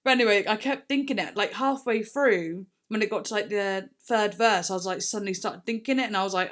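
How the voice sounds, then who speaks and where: A woman hosting a music reaction video, chatting casually and getting excited as she listens. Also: mid-range voice, a little fast, few pauses. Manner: chatty, rambling, excitable with gasps and laughs. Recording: faint song playing behind.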